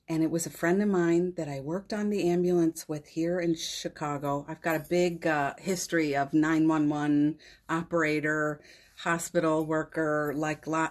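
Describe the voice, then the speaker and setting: Eine Frau mittleren Alters, die als Gastgeberin einer täglichen spirituellen Live-Sitzung gefühlvoll erzählt, oft den Tränen nahe und mit leisem Lachen. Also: female voice, deep voice. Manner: emotional, often tearful, laughs softly between phrases. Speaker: host of a daily live spiritual session. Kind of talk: heartfelt spiritual storytelling. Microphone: phone livestream.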